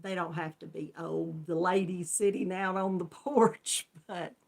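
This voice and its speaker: Country georgia lady chatting on her livestream, slow drawl, friendly, laughs a lot, calls out viewers by name. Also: on the low side, steady tone, gravelly, darkish tone. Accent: country Southern US, Georgia. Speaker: host of a live crochet chat stream. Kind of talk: casual livestream chat with viewers.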